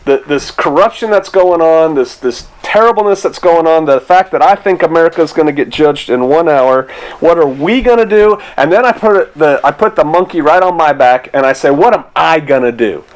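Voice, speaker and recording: A middle-aged pastor delivers a sermon in a loose, conversational manner, full of rhetorical asides and restarts. His voice sits a little high for a man. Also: moderate pace, poor audio.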